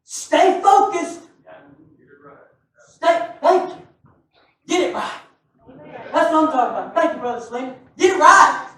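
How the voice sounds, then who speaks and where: A man preaching a sermon, telling stories with laughter and bursting into shouts. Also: extremely high pitch, unhurried, long pauses. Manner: animated, often shouting, laughing storyteller. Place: church sanctuary. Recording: echoey church from far off.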